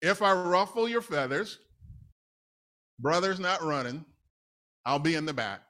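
A man's voice: fairly high pitch, lively intonation, unhurried, pushed and bright. A man from New City, preaching a casual, conversational sermon with laughing asides. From New York City. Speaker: lay preacher.

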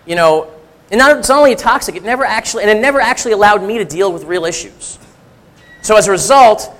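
A man's voice: high-pitched, fairly bright tone, big-room sound. A middle-aged man giving a candid, self-deprecating sermon as a church speaker, talking in a loose conversational way with frequent restarts. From three-quarters Sicilian heritage. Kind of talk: personal testimony sermon.

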